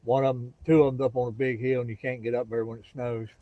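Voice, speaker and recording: A man's voice: medium pitch, fast, no echo, dull audio. A middle-aged man from the Gulf Coast of Florida with a Southern drawl, chatting casually and folksily with viewers on a phone livestream outdoors. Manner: relaxed, folksy, talks straight to viewers. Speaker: livestream host. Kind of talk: casual live-stream chat with viewers. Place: outdoors near a pasture.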